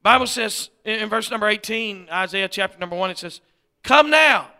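A man's voice: sits high, a little fast, sharp tone, smooth. A middle-aged man, preaching as a visiting missionary in a folksy, rambling way. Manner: folksy, rambling, many fillers and restarts. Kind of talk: sermon.

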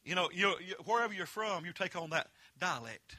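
A man preaching a fervent holiness sermon, mixing folksy storytelling with loud emphatic peaks. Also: high voice, animated, brisk, no echo.

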